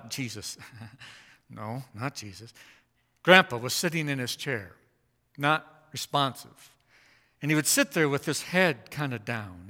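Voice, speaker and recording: A man preaching a sermon, swinging from hushed, slow lines to loud, emphatic ones. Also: fairly high pitch. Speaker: pastor. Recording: long hall reverb.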